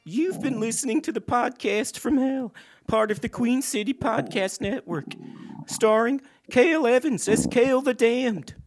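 A man's voice: very high voice, unhurried, vocal fry, soft background music. A man reading the closing credits of a podcast in an upbeat announcer manner. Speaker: podcast co-host. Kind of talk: outro credits read.

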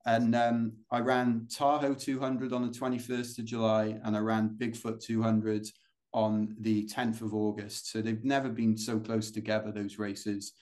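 A man's voice: fairly low pitch, level tone, a little slow, darkish tone. A British man, a guest on a podcast, telling long stories in a chatty, rambling way with plenty of fillers and restarts. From United Kingdom. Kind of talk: casual interview storytelling.

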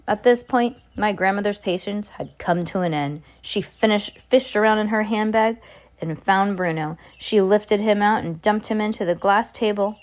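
A woman's voice: mid-range voice, normal speed. Woman, reading aloud, casual, self-correcting, storybook narration. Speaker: reader.

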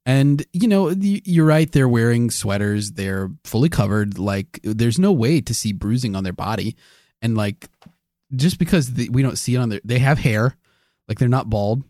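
A man co-hosting a podcast in casual chat, reasoning through a point with halting restarts and some laughter. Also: mid-range voice, expressive, warm tone, no room sound, clean studio sound. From United States. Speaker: podcast co-host.

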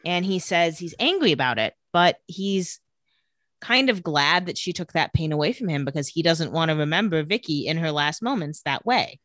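Podcast co-host, young woman, lower pitch, animated retelling, dry studio sound. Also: normal speed, dry recording. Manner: animated, giggly, acts out quotes lightly. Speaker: podcast co-host recapping a TV episode. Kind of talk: casual chat, retelling scenes.

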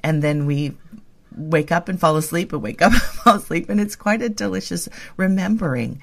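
A woman co-hosting a spiritual podcast, talking in a gentle, flowing, reassuring way. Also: lowish voice, moderate pace, creaky. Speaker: podcast co-host. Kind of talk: casual spiritual chat.

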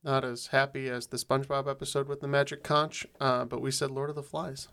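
A man playing along on a trivia podcast, deliberate and wry. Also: medium pitch, level tone, fairly bright tone, clear, resonant tone. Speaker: quiz contestant. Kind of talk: casual chat.

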